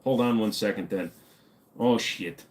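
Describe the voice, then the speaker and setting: A man's voice: lowish voice, a little slow. A man hosting a livestream in casual chat, joking and swearing freely with viewers. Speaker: streamer host.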